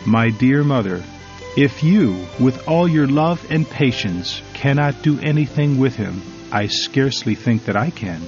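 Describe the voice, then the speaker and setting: A man voicing an earnest older man who gently and patiently counsels a troubled son. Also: medium pitch, animated, measured pace. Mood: patient persuading. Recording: slightly dull recording, faint music.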